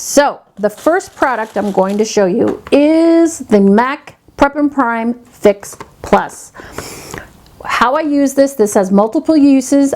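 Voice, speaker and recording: Animated woman telling a storytime tale. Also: on the high side. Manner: animated storyteller acting out quoted voices. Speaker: beauty vlogger. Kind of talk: casual storytime chat.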